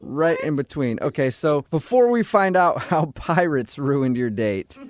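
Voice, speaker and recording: A man's voice: a little high, lively intonation, a little slow, a little hiss or hum. A male radio host interviewing a caller, asking teasing questions and cracking jokes. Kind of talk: radio show banter.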